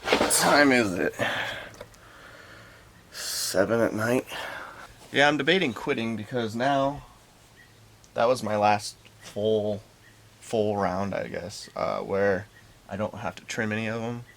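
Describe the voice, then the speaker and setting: A man with a lowish, slightly bright voice restores a vintage camper, casually talking to himself about the work as he goes. Inside the hot camper, he's unhurried and sometimes out of breath, like a DIY restoration vlogger narrating his progress.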